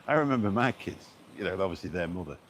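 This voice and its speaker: Recorded on a phone outdoors with a light hiss behind him, a middle-aged man strolls a beach and chats with his live-stream audience. His voice is deep and low yet a bit bright. He rambles, restarts himself and leans on ums.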